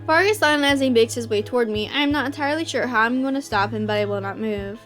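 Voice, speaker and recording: A woman reading a visual novel aloud, emotional and quick to burst into excited reactions. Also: fairly high pitch, faint music behind.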